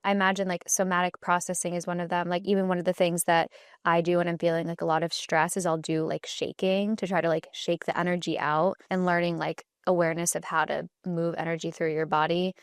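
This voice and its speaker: A woman with a slightly low voice who hosts a podcast and talks in a chatty, easygoing way, dropping "like" into her sentences. The recording is dry and close. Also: fairly quick, smooth, no room sound. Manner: chatty, relaxed, frequent "like" fillers. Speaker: podcast host. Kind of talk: casual podcast interview.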